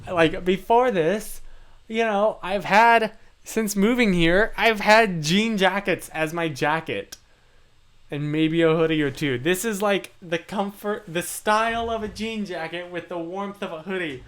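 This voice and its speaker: High-voiced man chatting on a livestream. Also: a little slow, a bit bright, smooth. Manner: playful, self-deprecating, chatty. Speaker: livestream host. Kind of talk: casual livestream chat, reading comments.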